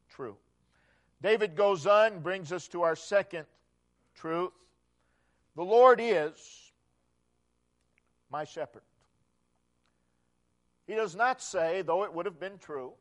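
Male preacher with a high voice, unhurried, emphatic, repeats phrases and builds to loud peaks. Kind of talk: sermon.

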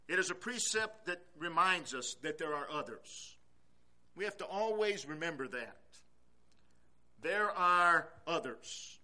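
Emphatic male pastor preaching. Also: a little high. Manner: emphatic preaching, swinging from soft to loud, repeats key phrases. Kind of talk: sermon. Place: church.

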